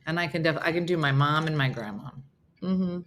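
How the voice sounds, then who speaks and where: A woman's voice: low voice, a little fast, a bit bright. A woman hosting a casual morning show from New Jersey, chatting in a rambling way and laughing often. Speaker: host.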